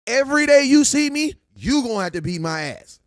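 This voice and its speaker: A young man talking fast and loose on a sports stream, his voice riding high and swinging widely. He jokes and laughs through the rant, and the sound is close and dry. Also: dry recording. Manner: animated, laughing, joking. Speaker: sports vlogger. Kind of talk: casual livestream rant.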